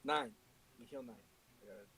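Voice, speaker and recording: A man's voice: medium pitch, moderate pace, gravelly, sharp tone. Man thinking aloud through his turn. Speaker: player. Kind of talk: casual tabletop game chat.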